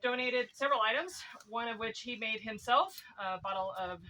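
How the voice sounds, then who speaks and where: A woman event steward giving practical announcements outdoors, pausing often with "um". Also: on the high side, noisy background. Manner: chatty, full of "um" pauses, practical. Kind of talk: reading announcements.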